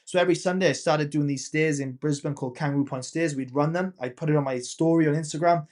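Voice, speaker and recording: A man's voice: fairly high pitch, fairly even intonation, quick pace, a little mellow. A man in his thirties, a podcast guest and coach, casually telling a personal story and acting out the quoted dialogue.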